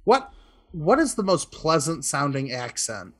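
A man's voice: a little high, big pitch swings, a little slow. A man in casual conversation who asks questions and chimes in easily. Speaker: podcast co-host asking questions. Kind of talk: casual chat.

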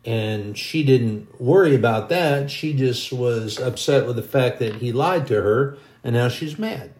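Male preacher, folksy and rambling storyteller, mid pitch, recorded with room echo. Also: expressive, measured pace, a little mellow. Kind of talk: storytelling sermon.

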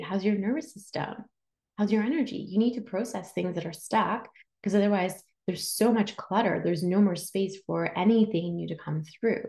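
A woman hosting a casual spiritual podcast, chatty and animated, acting out inner voices as she teaches. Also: mid-range voice, roomy sound. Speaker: podcast host and Reiki teacher.

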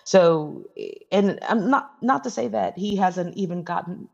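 Gravelly, rambling co-host. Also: mid-range voice, lively intonation, unhurried, darkish tone, highs cut off. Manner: rambling, loose train of thought. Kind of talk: casual live-audio chat show.

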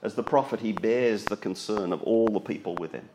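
A man's voice: lowish voice, fairly quick, noisy background. A man preaching a sermon, reading scripture aloud and explaining it.

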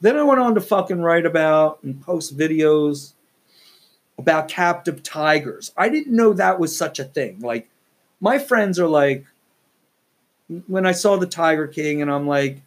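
A man's voice: a little high, expressive, a little slow. A man hosting a solo podcast, ranting in a profane, exasperated, rambling way. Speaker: podcast host.

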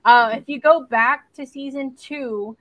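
A young woman chats through a series recap with a slightly high voice, swearing casually as she goes. The sound is close and dry, with no room echo. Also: measured pace. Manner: chatty, swears casually, lively storytelling. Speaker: podcast co-host.

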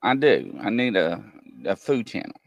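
A man's voice: lowish voice, lively intonation, moderate pace, dry recording. A man hosting a casual live-stream chat, jokey and chatty as he greets viewers by name. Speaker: host.

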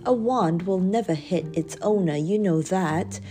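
A woman's voice: lowish voice, measured pace, dark tone, faint music behind, natural voice. A woman reading an eager young brownie boy. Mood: earnest. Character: friendly schoolboy brownie, eager plotter.

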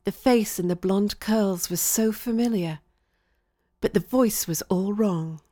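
A woman narrating a first-person story in a clear, expressive way. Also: mid-range voice, measured pace, no room sound, studio quality.

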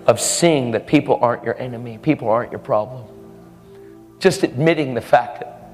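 A man delivers an earnest sermon, telling his story and slipping into the voices of the people in it. His mid-pitched voice rings out with a long hall reverb. Soft music sits faintly underneath. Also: moderate pace. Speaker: preacher.

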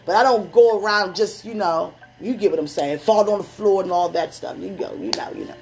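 A woman preaching and praying in a conversational sermon. She mixes personal stories with laughing asides and slows down for prayer. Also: medium pitch, a little mellow, slightly rough, faint music behind.

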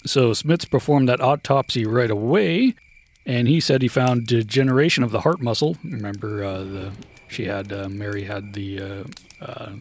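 A man co-hosting a podcast, retelling a history in a halting way with many fillers and quick yeps. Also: mid-range voice. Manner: halting, full of uh and yep. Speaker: podcast co-host. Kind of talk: casual chat, retelling a history.

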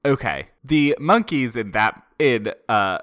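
A man with a bright, forward voice co-hosts a podcast in loose, casual chat. He talks in a rambling way, laughs often and sometimes trails off mid-thought. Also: medium pitch, expressive, slow. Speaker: podcast co-host.

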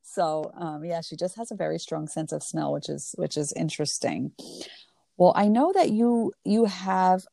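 A woman's voice: lowish voice, lively intonation, normal speed, gravelly, warm tone, no echo, studio quality. A woman in her forties hosting a casual interview chat, agreeable and prone to restarts. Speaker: podcast host.

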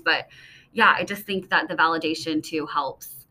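A woman hosting an interview podcast, chatty and quick, laughing easily as she talks about her work in schools. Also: deep voice, bright, forceful tone, slight background noise. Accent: Texan. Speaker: podcast host, school administrator. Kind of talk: casual interview chat.

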